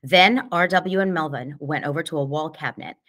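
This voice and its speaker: A woman narrating a novel in the first person, with measured, hushed storytelling. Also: deep voice. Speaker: audiobook narrator.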